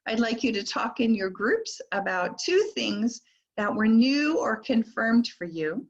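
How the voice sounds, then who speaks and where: An older woman giving a teacher training lecture on reading skills, slowly sounding out words and their sounds. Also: a little high, very animated, slightly rough, muffled recording. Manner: slow, deliberate modeling of speech sounds. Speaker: literacy trainer.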